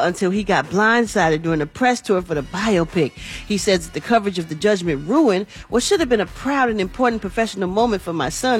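A woman hosting an entertainment news segment on a morning radio show, talking in a chatty, folksy way. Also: lowish voice. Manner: chatty, folksy, says y'all and honey.

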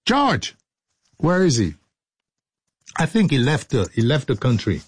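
Lively, slow-talking man hosting a radio show. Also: mid-range voice, husky, no echo. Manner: joking, laughing, breaks into sing-song. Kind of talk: playful studio banter and storytelling.

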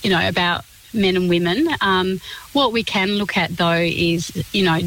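A woman, a communications specialist answering on a radio interview in a clear, explanatory, measured way. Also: fairly low pitch, fairly bright tone, slight background noise, poor audio.

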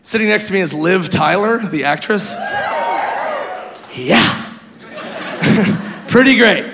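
A man doing stand-up, telling a story in an animated, self-mocking way and laughing at his own lines. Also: sits high, slow, gravelly. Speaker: stand-up comedian. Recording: live hall reverb, faint noise.

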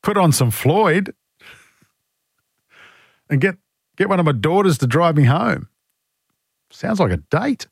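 A male talkback host chats loosely from a radio studio, teasing himself and tossing off jokes as he reads out listener texts. His voice sits a little high, and the sound is close and dry, with no room echo. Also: lively intonation, takes it slowly, vocal fry, pauses often, husky. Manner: joking, self-mocking, reads listener texts aloud. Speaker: radio talk show host. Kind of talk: casual talkback radio chat.

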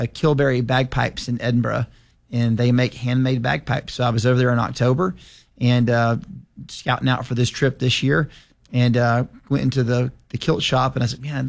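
A man's voice: mid-range voice, vocal fry. A man in his forties, a legislator telling folksy, rambling stories as a guest in a casual radio interview. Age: 40s.

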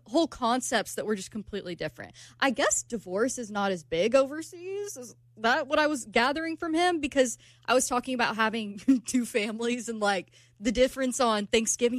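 A young American woman co-hosting a casual chat, telling a story in an animated way and acting out what people said. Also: a little high, brisk, no echo, clean studio sound. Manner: animated storytelling, acts out quotes. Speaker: radio show co-host.

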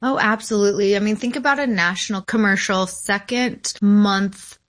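A woman in her thirties talks as a founder being interviewed. Her pitch is middling. She answers in quick, upbeat bursts full of "like" and "you know". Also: a bit bright. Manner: upbeat, fast, filler-heavy talk. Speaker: company founder, guest.

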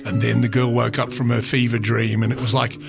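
A man's voice: mid-range voice, little pitch movement, a little fast, creaky, over music. A man hosting a radio show, chatting casually and playfully slipping into silly voices and tongue twisters. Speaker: radio host.

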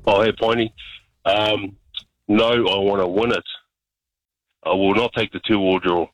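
A man's voice: lowish voice, fairly even intonation, a little slow, dry recording, faint music behind. A man with a New Zealand accent phoning into a talkback radio show, talking casually and emphatically, often calling the host mate. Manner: emphatic, keeps saying mate. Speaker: caller. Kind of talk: casual phone-in chat. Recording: dull, dry phone-in line.

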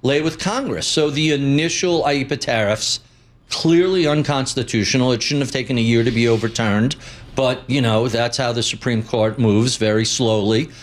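A man's voice: medium pitch, moderate pace. A man, a guest commentator giving blunt, opinionated views in an unscripted interview.

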